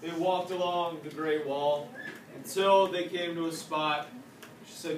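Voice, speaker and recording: A man retelling a legend aloud in a casual, animated, joking way. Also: fairly high pitch, unhurried. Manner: animated, playful, joking asides. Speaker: storyteller. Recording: echoey room from a distance, faint noise.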